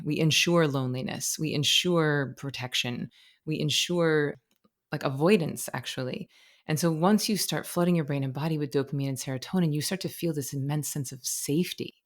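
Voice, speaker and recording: A woman speaking as a podcast guest and meditation teacher, explaining ideas expressively through analogies and stories. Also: low-pitched. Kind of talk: conversational interview.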